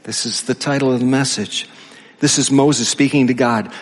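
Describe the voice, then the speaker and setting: A male pastor delivers a sermon to his congregation in a relaxed, conversational way. He slows right down when reading scripture and livens up in his asides. His voice has a medium pitch and carries a long church-hall reverb. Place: church sanctuary.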